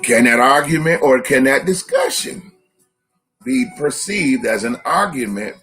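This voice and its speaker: A husky-voiced man co-hosts a live-stream discussion at a middle pitch. He teaches by firing off rhetorical questions. Faint music plays behind him. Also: lively intonation, unhurried, sharp tone.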